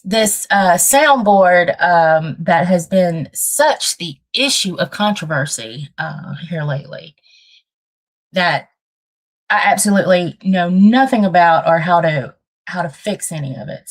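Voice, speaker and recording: A woman hosting a casual livestream with a dry throat, talking bluntly and thinking out loud as she rambles. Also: lowish voice. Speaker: livestream host.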